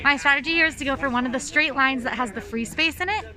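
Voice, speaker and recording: A woman's voice: high-pitched, fast talker, a crowd in the background, rough recording. A woman hosting a vlog race, cheerful and full of competitive trash talk. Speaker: show host and race competitor. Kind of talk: upbeat vlog chat.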